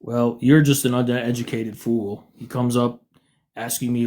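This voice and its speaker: A man's voice: medium pitch, level tone, a little slow, dark tone. A man from the United States hosting a livestream, arguing with callers in a combative, mocking way. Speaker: livestream host. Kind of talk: heated livestream argument.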